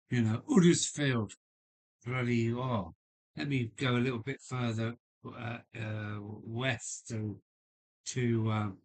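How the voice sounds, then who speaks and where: Older man, kent accent, unhurried, rambling casual chat, mid pitch. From Kent, England. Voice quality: slow and rambling, with frequent restarts and fillers. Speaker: livestream host. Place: home loft.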